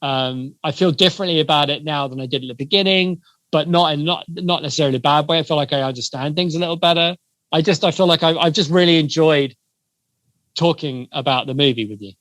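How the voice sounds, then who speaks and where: A man co-hosting a podcast, talking reflectively about a film, often pausing and restarting his sentences. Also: a little high, a bit bright, no room sound. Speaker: podcast co-host. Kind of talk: casual film discussion.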